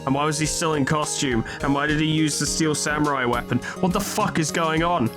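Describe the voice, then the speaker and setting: A man's voice: fairly high pitch, fairly quick. A man giving casual, joking and sarcastic commentary while playing a video game. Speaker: let's play host. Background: game music.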